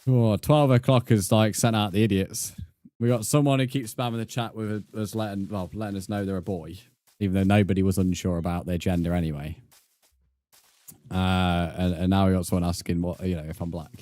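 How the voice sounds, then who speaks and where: A man's voice: deep voice, fairly even intonation, brisk, dark tone, dry recording. A man livestreaming a game, chatting bluntly and swearing as he reads out his chat. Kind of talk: casual live gaming stream chat.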